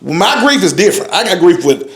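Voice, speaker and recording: High-voiced man in his forties, echoey room. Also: sing-song, a little fast. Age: 40s. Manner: loose, rambling, leans on "you know what I'm saying". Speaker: roundtable guest. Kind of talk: casual chat.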